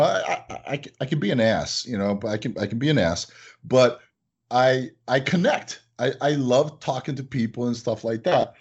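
A husky-voiced man tells stories about his business with animated energy, acting out the people in them. The recording is dull and lo-fi. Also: medium pitch. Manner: animated, acts out voices in anecdotes. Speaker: business owner, guest. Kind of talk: casual interview storytelling.

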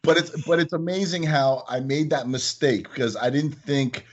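A man's voice: fairly high pitch, moderate pace, lo-fi sound. A man, a business owner and guest, telling anecdotes in a casual interview and acting out the voices of the people in them. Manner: animated, acts out voices in anecdotes.

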